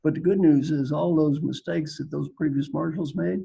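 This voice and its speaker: Gravelly folksy older man from Kentucky. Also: a little high, steady tone, moderate pace, mellow, dull audio, a little hiss or hum. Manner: folksy, joking, repeats phrases for emphasis. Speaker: coaching guest speaker. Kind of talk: casual storytelling on a video call panel.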